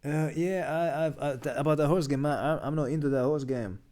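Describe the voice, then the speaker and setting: A man's voice: a little high, brisk, dark tone. A man on a live stream reading and reacting to memes in a chatty, muttering way, full of restarts. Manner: chatty, muttering, laughs at jokes, many restarts. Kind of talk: casual live-stream commentary.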